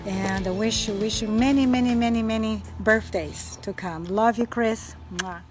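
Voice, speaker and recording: An earnest woman recording a heartfelt birthday message and quoting scripture. Music plays clearly behind her voice. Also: a little high, normal speed. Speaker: church friend giving a birthday tribute.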